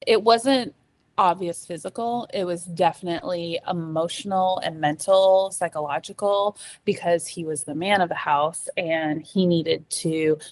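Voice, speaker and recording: A middle-aged woman, a podcast guest, telling her story in a casual, animated way, acting out the voices she quotes, with lots of fillers. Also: on the low side, unhurried, no echo.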